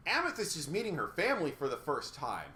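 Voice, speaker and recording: A man rants through a casual review podcast in a high, bright, forceful voice. He is sarcastic and exasperated and swears freely, and the room around him echoes noticeably. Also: huge pitch swings, fast, a little hiss or hum. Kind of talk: casual ranting review chat.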